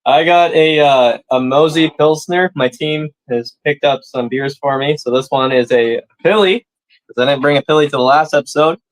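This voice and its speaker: A man's voice: on the high side, normal speed, no room sound, rough recording. A man on a comedy podcast, telling stories in a laid-back way with casual swearing. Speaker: podcast co-host.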